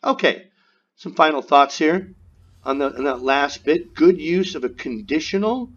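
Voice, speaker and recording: A man, an English teacher, giving relaxed spoken feedback on a student's answer, with a few ums and uhs. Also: a little high, unhurried. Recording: dull lo-fi recording.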